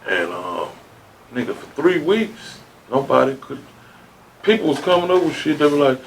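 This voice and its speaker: A man's voice: on the high side, normal speed, creaky, a little hiss or hum. A man telling a long story as an interview guest, cursing freely and acting out the quotes. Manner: animated storyteller, swears freely, acts out quotes.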